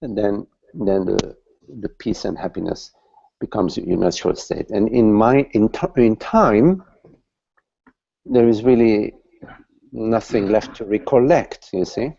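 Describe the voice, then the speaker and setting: Casting: man, spiritual teacher, gravelly dark voice, slow and halting, lo-fi call audio. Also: on the low side. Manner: slow, halting, repeats words while searching for them. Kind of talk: satsang talk.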